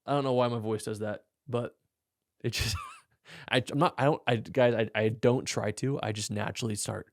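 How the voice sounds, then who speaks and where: A man's voice: fairly even intonation, brisk, dry recording, clean studio sound. A young man hosting a podcast, casually answering listener questions in a frank, laid-back way. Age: young adult. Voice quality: gravelly low voice. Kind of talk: casual Q&A chat.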